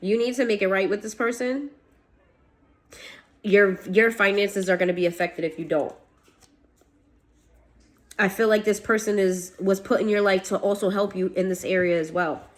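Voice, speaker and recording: A woman's voice: medium pitch, steady tone, moderate pace, pauses often. A woman giving a casual tarot reading to her viewers, blunt and swearing, laughing now and then. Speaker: tarot reader.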